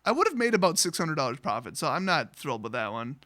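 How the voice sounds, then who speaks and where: A man's voice: fairly high pitch, big pitch swings, fast, bright, forceful tone. A man telling a storytime vlog, rambling and exasperated, acting out quoted dialogue with a phone agent. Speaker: card collecting YouTuber.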